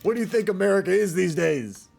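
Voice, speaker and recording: A man's voice: high voice, animated, fast talker, gravelly, darkish tone. A man casually commentating a multiplayer strategy game on a live stream, rambling into laid-back asides and swearing often.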